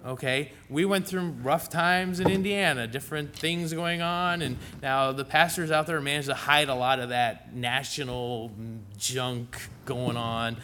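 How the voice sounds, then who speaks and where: A man's voice: medium pitch, steady tone, measured pace, bright, forceful tone, a little hiss or hum. A middle-aged man preaching a sermon in a church in a folksy, conversational way, with asides to the congregation.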